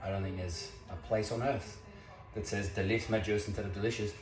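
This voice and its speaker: A man's voice: on the low side, fairly even intonation, a little fast, music in the background. A man hosting a cooking demonstration in his kitchen, talking in a playful, chatty way with jokey asides. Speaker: cooking show host. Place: home kitchen. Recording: echoey kitchen with clattering pans.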